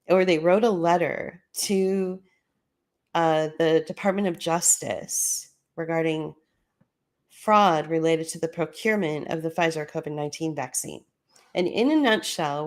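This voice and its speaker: A woman hosting a solo commentary podcast, talking casually as she walks listeners through documents on screen. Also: lowish voice. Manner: conversational, explaining documents on screen. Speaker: podcast host.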